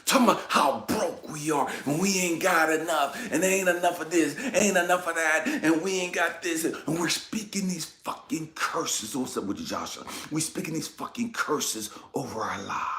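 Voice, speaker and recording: A man giving an impassioned personal testimony, swinging between hushed whispers and shouted pleas, raw and tearful, swearing freely. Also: fairly high pitch, a little slow, reverberant. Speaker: spiritual vlogger.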